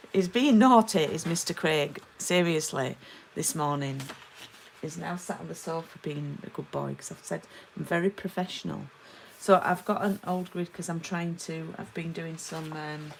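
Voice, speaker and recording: A woman's voice: low-pitched, creaky, slight background noise, rough recording. A woman giving a chatty live-streamed card-making lesson and greeting viewers by name. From England.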